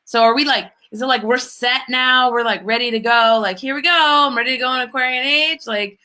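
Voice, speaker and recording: A woman's voice: fairly high pitch, fairly even intonation, a little fast, pushed and bright. A woman co-hosting a spiritual business talk show, chatting casually and gushing with lots of "like" fillers. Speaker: podcast co-host. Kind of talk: casual chat.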